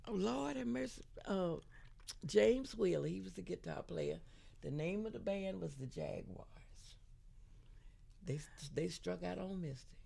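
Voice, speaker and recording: An older woman in her seventies tells stories from her singing days with a lively, animated delivery. Her voice has a gravelly edge. She laughs often and slips into sung lines mid-story. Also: fairly low pitch, unhurried, slight background noise. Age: 70s. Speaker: guest singer. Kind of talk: storytelling interview.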